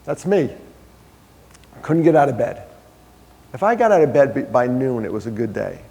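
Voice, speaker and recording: A man's voice: medium pitch, expressive, moderate pace, vocal fry, mellow. A man giving a conversational storytelling talk to an audience, full of self-deprecating humor. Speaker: guest speaker. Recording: long hall reverb.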